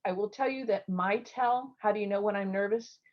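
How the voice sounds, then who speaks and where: A middle-aged woman surgeon coaches applicants in an online session, mid-pitched and lively. She tells stories and acts out the voices in them. Her audio is a touch dull and lo-fi, as on a video call. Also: normal speed. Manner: lively storytelling with acted quotes. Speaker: surgeon giving interview advice. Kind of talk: online talk.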